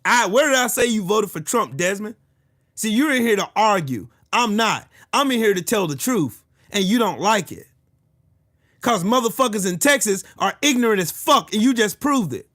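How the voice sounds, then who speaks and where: A man rants furiously at his live chat. His voice sits high, and he swears and shouts his way through every point. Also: animated, normal speed. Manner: furious, profane, shouting at commenters. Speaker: live-stream host. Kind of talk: angry political rant to live chat.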